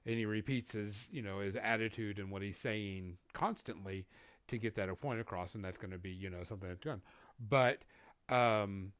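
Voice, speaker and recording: Low smooth-voiced guy on a podcast, rambly, lots of you knows. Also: normal speed, a bit bright, dry recording. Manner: rambling, many "you know" fillers. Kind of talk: casual chat.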